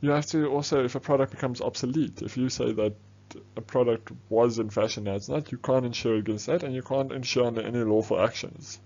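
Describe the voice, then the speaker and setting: A man runs through a business studies revision lesson, talking quickly and casually and checking in with "okay" as he goes. His voice sits at a middle pitch. The recording is a little dull and lo-fi. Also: a little mellow. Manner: quick, chatty explaining with frequent "okay"s.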